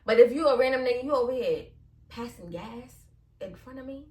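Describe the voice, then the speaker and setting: A woman's voice: on the high side, expressive, brisk, dark tone, distant mic. A young woman from Brooklyn with a New York accent, hosting a casual solo podcast in a blunt, sassy way and laughing often. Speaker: podcast host. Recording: roomy sound, a bit off the mic.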